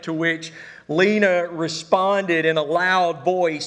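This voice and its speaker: A middle-aged man preaches in a church sanctuary, telling funny family stories with humor and a Southern "y'all." His high, fairly bright voice is slow with fairly even intonation; the hall echoes, with slight hiss or hum.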